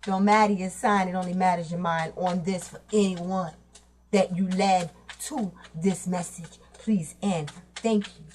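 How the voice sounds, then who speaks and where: A woman's voice: lowish voice, fairly even intonation, unhurried, a little mellow, a little hiss or hum. A woman giving a casual tarot reading to her viewers, talking bluntly in streetwise slang and cursing freely. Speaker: tarot reader.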